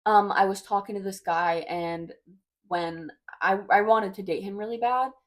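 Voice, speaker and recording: A woman's voice: mid-range voice, a little slow. A woman in her twenties talking casually to her viewers, rambling and hesitant, often trailing off with "I don't know.". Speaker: vlogger. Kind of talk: casual confessional chat.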